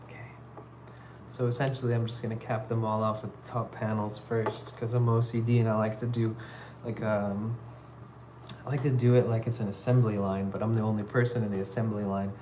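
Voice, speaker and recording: His voice sits on the low side, with a bit of hiss or hum in the audio. This livestreaming artist talks into a phone in an indoor workspace while building art, rambling casually with many fillers.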